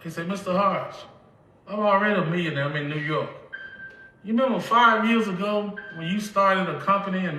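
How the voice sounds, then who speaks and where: A high, sharp-toned male voice belongs to a tearful older Southerner from Mississippi giving a heartfelt testimony about his life. He acts out the exchanges he remembers. The recording is echoey and distant, with a little hiss or hum.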